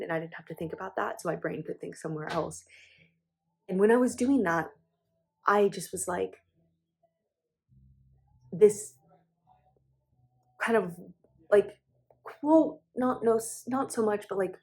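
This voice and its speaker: A woman's voice: on the low side, darkish tone, husky. A young woman speaking candidly to her channel in a personal confessional vlog, emotional and close to tears, with frequent restarts and fillers. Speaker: vlogger.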